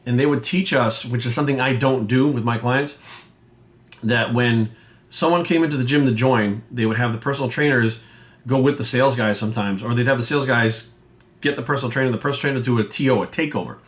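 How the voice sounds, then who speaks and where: Blunt, swearing fitness coach. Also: male voice, mid-range voice, fast talker. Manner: blunt, swears constantly, acts out quoted voices. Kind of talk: casual rant to camera.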